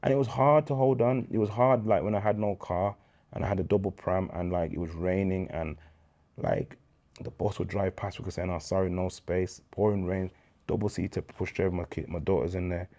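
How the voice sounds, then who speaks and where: A man in his thirties with a Birmingham accent speaks in a very low, deep voice. He tells stories in a relaxed interview style, full of slang, and acts out every quoted line. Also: fairly quick, highs cut off. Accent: Birmingham English. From England. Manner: animated storyteller, slang-heavy, acts out quoted dialogue. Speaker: interview guest. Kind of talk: casual storytelling interview.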